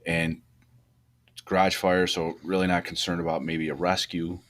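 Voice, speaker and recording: Man, very low voice, firefighter co-host, casual and rambling, animated critique. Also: normal speed, a little hiss or hum. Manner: loose and rambling, many restarts, rising pitch when animated. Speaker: podcast co-host, fire truck company boss. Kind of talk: casual shop talk about firefighting.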